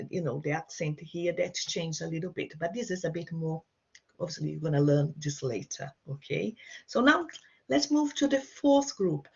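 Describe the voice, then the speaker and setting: Woman teaching slowly, gravelly husky voice. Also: low-pitched, expressive. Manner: encouraging, slow and repetitive. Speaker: Portuguese teacher. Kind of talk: online language lesson. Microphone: video call. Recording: slightly dull video-call audio.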